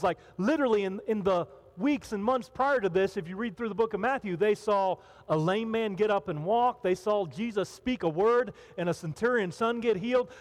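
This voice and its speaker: A man preaching a sermon to a congregation in a hall, talking animatedly and acting out the voices of people in the story. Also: high voice. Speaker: pastor. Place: hall with an audience.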